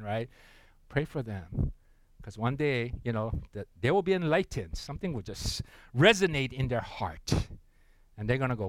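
A man's voice: mid-range voice, animated, moderate pace, a bit bright, dry recording, low-quality recording. A man preaching a sermon in a conversational way. He often checks in with the congregation and laughs at his own stories. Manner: tells a joke with acted voices. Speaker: pastor.

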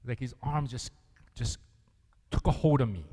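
A man's voice: medium pitch, normal speed, pauses often, dark tone. A man preaching a sermon as pastor, earnest, often laughing and putting questions to the congregation. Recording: long reverb of a large hall.

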